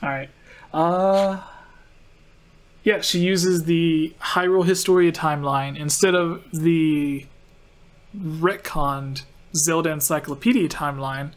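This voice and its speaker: A man's voice: a little high, steady tone, takes it slowly. A man hosting a casual chat, explaining at length with lots of fillers. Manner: rambling, filler-heavy explaining. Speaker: podcast host.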